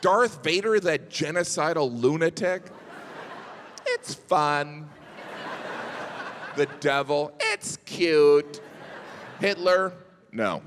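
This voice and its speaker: A man doing a stand-up comedy routine on a theater stage, deadpan, with mocking asides. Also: on the high side, extremely slow, pauses often. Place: large theater stage before a live audience. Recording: live hall reverb with audience noise. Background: audience laughter.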